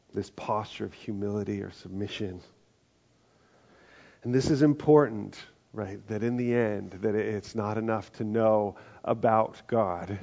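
A male pastor delivers a sermon in a conversational, unhurried way, leaning into key phrases and tossing in lively asides. His voice sits fairly low with a gravelly edge. The recording sounds slightly muffled. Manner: conversational preaching, slows for emphasis, lively asides. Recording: muffled live sermon audio.

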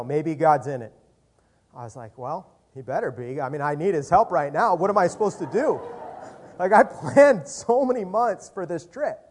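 A man, a youth leader, telling a lively testimony story full of quoted dialogue. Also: on the high side. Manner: animated, lots of quoted dialogue.

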